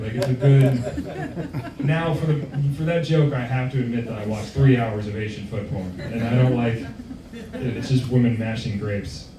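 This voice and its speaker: A young comedian speaks at a normal speed in a mid-range voice, far from the mic, with a crowd audible behind him. His club set is offhand, self-mocking, and full of swearing, and the recording has a roomy, distant sound and room noise.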